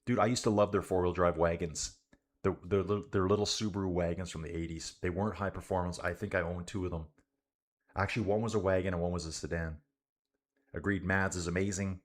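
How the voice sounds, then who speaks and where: Casual male streamer from Canada, low voice, easygoing race commentary mixed with chat. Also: steady tone, brisk. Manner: laid-back, says "dude" a lot, chats with viewers. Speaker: cycling livestream commentator.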